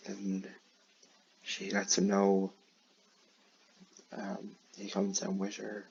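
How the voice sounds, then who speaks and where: A man's voice: low voice, monotone, slow pace, creaky, pauses often, slight background noise. A man casually retelling a plot in a rambling way, full of fillers and restarts. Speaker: creator retelling his own film idea. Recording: dull lo-fi recording.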